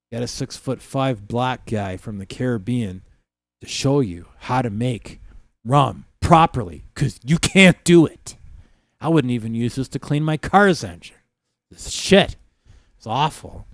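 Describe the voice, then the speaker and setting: A man's voice: mid-range voice, lively intonation, measured pace, dry recording. A man hosting a livestream, telling rambling, profane stories in casual chat with many fillers. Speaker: livestream host.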